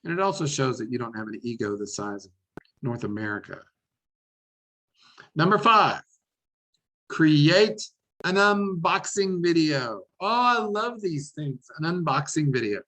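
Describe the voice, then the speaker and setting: Brief: a lively man giving a business presentation, energetic and a touch higher-pitched. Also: unhurried, pauses often, rough recording. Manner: animated, enthusiastic, repeats words. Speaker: webinar presenter.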